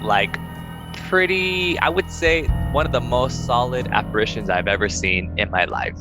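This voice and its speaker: A young man casually telling a ghost story on a podcast, acting out quoted lines in a higher voice. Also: moderate pace, music in the background, low-quality recording. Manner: animated, acts out quoted dialogue in a higher voice.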